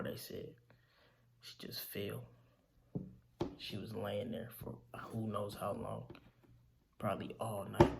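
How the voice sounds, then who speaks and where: A young man telling the story of his mother's death, halting and repeating himself, his voice sinking to near whispers in grief. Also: on the low side, flat delivery, creaky, heavy background noise. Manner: halting, repeats himself, calls the listener bro. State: grieving, voice dropping to near whispers. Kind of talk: emotional storytelling to camera.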